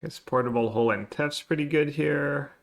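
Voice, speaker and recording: A man's voice: a little high, brisk. A man casually commenting on his own card game, muttering and thinking aloud as he plays. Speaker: streamer playing a card game.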